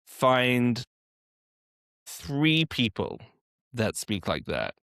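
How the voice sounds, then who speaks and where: A man's voice: medium pitch, wildly swooping pitch, drawn-out words, gravelly, fairly bright tone, no echo, clean studio sound. A man who works as a dialect coach, answering interview questions with practical, step-by-step advice. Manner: practical, encouraging, explains step by step.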